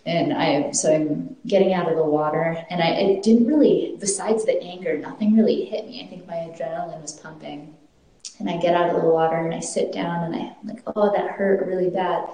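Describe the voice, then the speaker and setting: A woman's voice: on the low side, steady tone, a little fast, warm tone. A woman telling a personal story in an earnest, reflective way, often restarting her sentences. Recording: very echoey room.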